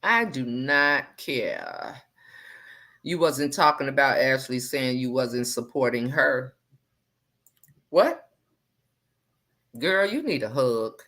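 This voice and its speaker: Sassy low-voiced woman with a bright edge. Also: takes it slowly, long pauses. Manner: sassy, animated, swings from low muttering to loud exclamations. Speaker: livestream host reading viewer comments. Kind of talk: casual livestream chat.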